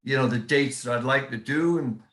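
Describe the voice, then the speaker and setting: A middle-aged man from England with a softened English accent, chatting casually as a guest on a podcast and often repeating words for emphasis. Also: medium pitch, brisk. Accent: English, softened by years in the United States. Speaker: guest musician and promoter. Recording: roomy echo.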